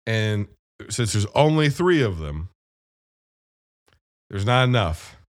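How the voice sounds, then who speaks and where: A man chatting casually about a movie, animated and profane, retelling scenes as he goes. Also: on the low side, slow. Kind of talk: casual movie review chat.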